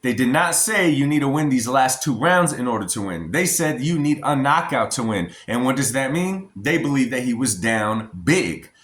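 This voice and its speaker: A man's voice: medium pitch, animated, moderate pace, few pauses, a bit bright, echoey room. An American man giving a casual, emphatic opinion vlog as a boxing commentator, often addressing his viewers as y'all. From United States.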